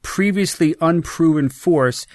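A man's voice: fairly high pitch, slow pace, no echo, clean studio sound. A man on a talk show eagerly explaining a physics story, with many fillers and restarts. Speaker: show regular. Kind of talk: casual chat.

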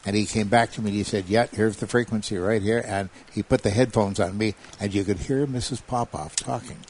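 Speaking fairly quickly in a lowish male voice, with slight background noise, a guest recounts an investigation in casual conversation. He tells the story animatedly, acting out other people's quotes in a raised voice.

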